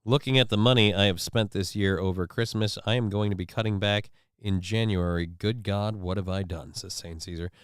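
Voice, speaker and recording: A man's voice: fairly low pitch, fairly even intonation, moderate pace, hardly any pauses, clean tone, dry recording. A man hosting a casual live stream, reading viewer comments and news stories aloud with sarcastic, offhand remarks. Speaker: livestream show host.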